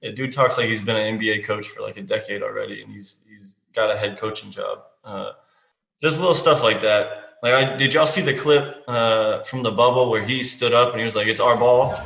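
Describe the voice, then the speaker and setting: Bright-voiced man in an echoey room. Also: fairly low pitch, fairly quick, creaky. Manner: relaxed, rambling with fillers. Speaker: former teammate. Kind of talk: casual anecdote. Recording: echoey, dull recording.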